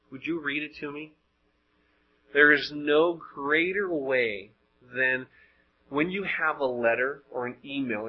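Male preacher, husky voice, conversational sermon full of rhetorical questions; muffled lo-fi recording. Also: mid-range voice. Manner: conversational, rhetorical questions, frequent word repeats.

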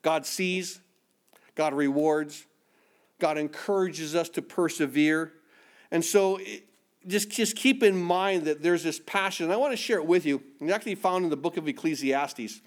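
Man, preacher, sermon, emphatic, repeats himself, slightly high voice. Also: moderate pace. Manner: emphatic, repeats phrases, acts out voices of scripture figures.

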